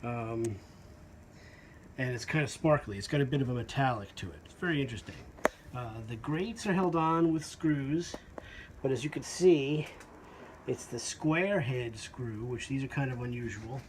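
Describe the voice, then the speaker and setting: On his home porch, a man with a mid-range voice shows off a vintage fan he collected, speaking at a moderate pace. His description rambles and hesitates, packed with fillers, against a noisy background.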